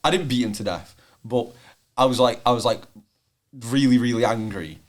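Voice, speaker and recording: A man's voice: medium pitch, moderate pace. A young man, co-hosting a student podcast and telling a long rambling story full of fillers and restarts. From England. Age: young adult. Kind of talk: casual chat. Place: room, seated on the floor.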